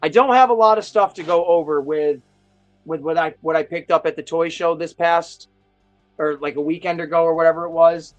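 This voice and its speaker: A man hosting a casual live stream, chatting in a rambling, excitable storytelling way. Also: a little high, a little fast, dull audio, faint music behind. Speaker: host of a toy chat live stream. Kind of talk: casual chat.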